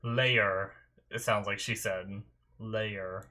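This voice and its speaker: A man's voice: lowish voice, fairly even intonation, drawn-out words, bright, forceful tone. A young man in his bedroom, chatting casually as an anime reaction host and rambling through a story with many restarts. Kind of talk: casual chat. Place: bedroom at home.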